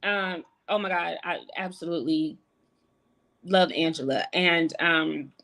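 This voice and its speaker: Bright gushing woman on a video call, super animated and effusive. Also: fairly low pitch, measured pace. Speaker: guest. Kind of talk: casual chat on a video call.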